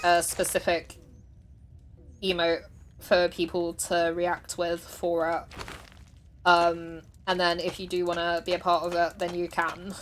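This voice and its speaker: A woman's voice: fairly low pitch, slight background noise. A woman streamer chatting casually while she plays, chatty and self-deprecating, laughing often. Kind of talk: casual livestream chat while gaming.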